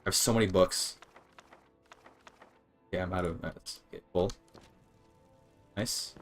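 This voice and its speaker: Low-voiced man streaming a game casually. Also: steady tone, fairly bright tone, faint music behind. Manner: thinks aloud, sounds out words haltingly, swears casually. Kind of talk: casual live-stream gameplay chatter.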